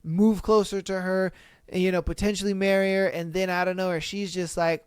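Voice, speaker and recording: Male podcast host, clear, smooth tone, dry close mic, animated and incredulous. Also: high-pitched, moderate pace, no room sound. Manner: animated, swearing, incredulous commentary. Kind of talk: casual solo podcast reading listener stories.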